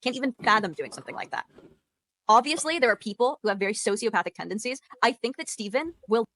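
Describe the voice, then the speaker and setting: Insistent fast-talking woman debating. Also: fairly high pitch, animated, a bit bright, slight background noise. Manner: insistent, repeats herself, firm accusations. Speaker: debate panelist. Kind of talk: heated debate.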